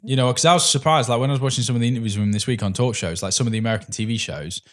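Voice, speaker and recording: A man's voice: mid-range voice, rapid-fire. A man in casual film chat, rambling with many "like"s and "you know"s.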